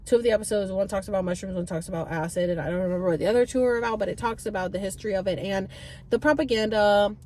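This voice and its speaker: A woman in her thirties telling stories to camera in a chatty, animated way, swearing now and then. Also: medium pitch, very fast, slight background noise. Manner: chatty, animated, swears freely, many fillers. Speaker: vlogger. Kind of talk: casual storytelling to camera.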